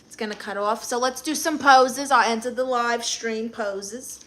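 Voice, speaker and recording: A woman's voice: a little high, a little slow, fairly bright tone. A woman with a Brooklyn accent hosting a comedic phone live stream, reading chat comments in a brash, sassy manner. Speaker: livestream comedian.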